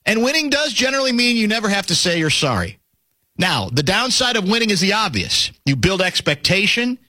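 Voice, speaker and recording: A man's voice: sits high, pushed and bright, no echo. A middle-aged man hosting a sports radio show, chatting and teasing his co-host in a casual, storytelling way.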